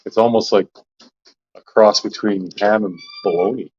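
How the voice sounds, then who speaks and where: A man's voice: fairly low pitch, steady tone, normal speed, a little mellow, breathy edge, dull audio. A Canadian man co-hosting a casual live chat, joking and laughing often as he talks. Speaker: co-host of a live chat stream.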